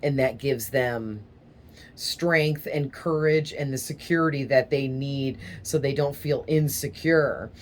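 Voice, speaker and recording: A woman's voice: rumbling low, takes it slowly, slight background noise. Rambling woman giving a tarot reading. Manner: rambling, hesitant, admits stuttering. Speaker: tarot reader.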